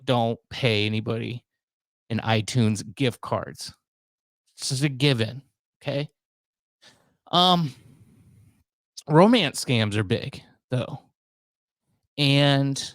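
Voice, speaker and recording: A man's voice: medium pitch, clean tone, no echo. A man in his thirties hosting his own podcast, talking alone in a rambling, self-mocking way with a lot of asides. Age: 30s. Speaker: podcast host. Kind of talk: casual solo monologue.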